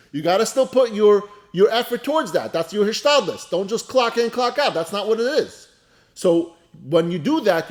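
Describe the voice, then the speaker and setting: Man teaching a Torah class, fairly high voice, reads Hebrew lines then explains them casually. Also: darkish tone. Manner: conversational and repetitive, speaks straight to listeners.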